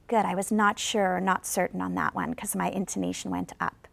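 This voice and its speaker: A woman teaching an English lesson in a scripted classroom style, encouraging viewers to answer and modeling sentences slowly for them to repeat. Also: medium pitch, vocal fry, dry recording. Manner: slow, carefully drawn-out model sentences for repetition; encouraging, coaxes replies from viewers. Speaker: ESL teacher. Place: studio.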